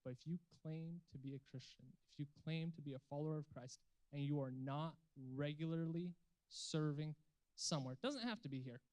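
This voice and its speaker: Over instrumental music, a young adult man delivers an earnest, emphatic sermon to a youth group and closes with a call to pray and commit. His voice is a little high and brisk with a darkish tone, and the recording is rough.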